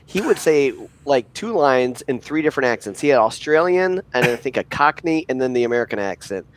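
A man's voice: mid-range voice, big pitch swings, a little fast, a little hiss or hum. A man co-hosting a podcast in casual chat over an online call, wry and opinionated. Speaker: podcast co-host.

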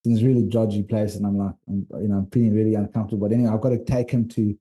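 A man with a South African accent, co-hosting a podcast, telling rambling, animated stories in casual chat. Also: on the low side, racing. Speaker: podcast co-host and documentary filmmaker.

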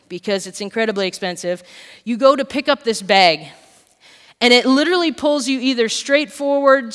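Pastor, sermon; smooth, resonant voice, lively self-mocking storyteller, long church-hall reverb. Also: mid-range voice. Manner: lively, self-mocking storyteller who keeps asking the crowd "right?". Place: church sanctuary.

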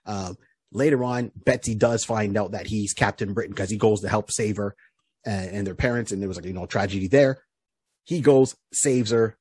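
A man's voice: on the low side, normal speed, darkish tone, husky, dry recording. A man co-hosting a podcast, casually recapping a comic book hero's story, rambling with lots of fillers and restarts. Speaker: podcast co-host.

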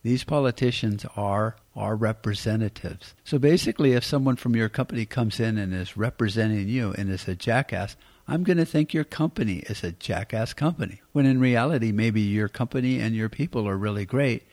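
A man's voice: on the low side, a little fast, a little mellow. A middle-aged American man hosting a podcast, giving rambling, blunt political commentary and swearing freely. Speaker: podcast host.

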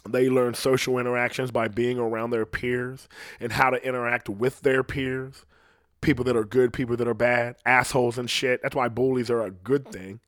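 A man's voice: medium pitch, little pitch movement, a bit bright, dry recording, studio quality. A man doing a stand-up comedy monologue, rambling and swearing constantly. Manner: profane, rambling, fast.

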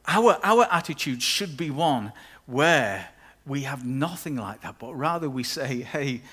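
Conversational preacher. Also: male voice, mid-range voice, animated, unhurried, a bit bright, husky. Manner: conversational, with playful asides. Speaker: pastor. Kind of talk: sermon.

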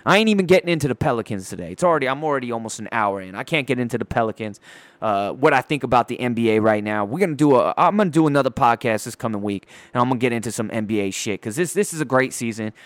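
A man hosting a podcast, ranting about sports in a loud, crude, rambling way and mocking the players he talks about. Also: medium pitch, animated, racing, no echo. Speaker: podcast host. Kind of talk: profane sports rant.

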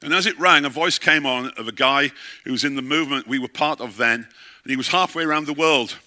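A man's voice: mid-range voice, brisk, bright, forceful tone. A middle-aged man, a pastor, preaching a sermon and telling a story, often asking his listeners questions.

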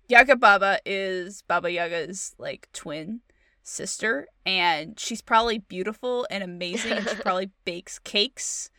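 A woman's voice: mid-range voice, a little slow, sharp tone, no echo, clean studio sound. A young woman co-hosting a storytelling podcast, chatting playfully and giggling often. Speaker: podcast co-host. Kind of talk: casual chat.

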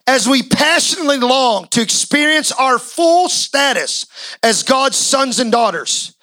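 A male pastor delivering an impassioned sermon, swinging from quiet talk to shouting. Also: extremely high pitch, no echo, poor audio.

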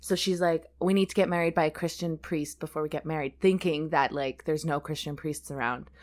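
A woman's voice: sits low, steady tone, a little fast. A woman on a podcast, casually recapping the plot of a romance novel with plenty of fillers. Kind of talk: casual chat, reading aloud.

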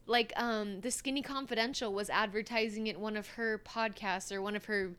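A woman co-hosting a podcast in casual chat, animated and emphatic, swearing freely. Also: medium pitch, moderate pace, clean tone. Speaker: podcast co-host.

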